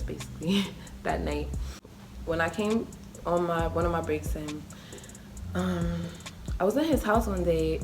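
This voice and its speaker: A young woman telling a storytime vlog, chatty and full of fillers, jumping up high when she acts out what people said. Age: young adult. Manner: acts out quoted voices with sudden high pitch. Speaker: vlogger. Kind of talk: casual storytime.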